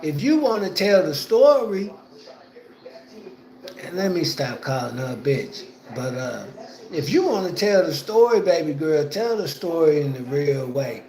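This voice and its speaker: Man, livestream chat, high voice, rambling and slangy, echoey room. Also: sing-song, a little slow, a little mellow. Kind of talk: casual livestream talk. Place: at home indoors.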